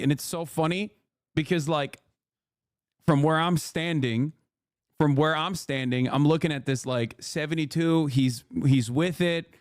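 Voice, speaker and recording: A man's voice: fairly high pitch, fairly even intonation, a little slow, dry recording, clean studio sound. A man, streaming and riffing in a rambling, profane, joking way over clips. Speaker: streamer host. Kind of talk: live-stream reaction commentary.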